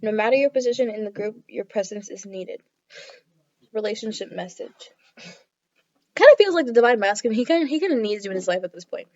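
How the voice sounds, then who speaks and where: A woman's voice: medium pitch, lively intonation, a little fast, darkish tone. Chatty woman giving a tarot reading. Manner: chatty, reads card texts aloud, many fillers like "like". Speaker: tarot reader. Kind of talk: casual tarot reading to camera. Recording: dull lo-fi audio.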